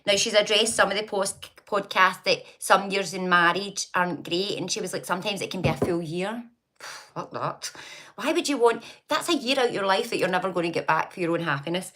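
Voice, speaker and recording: Bright-voiced Scottish woman chatting live. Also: medium pitch, brisk, few pauses. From Scotland. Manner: chatty, gossipy, laughs often, greets viewers by name. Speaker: livestream host reading comments. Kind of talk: casual live chat.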